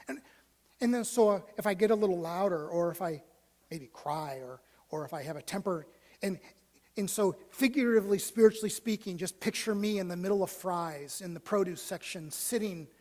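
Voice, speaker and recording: A male pastor telling a story in a sermon, moving from hushed, almost whispered lines to loud, animated ones. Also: high-pitched. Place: church sanctuary. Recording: long church hall reverb.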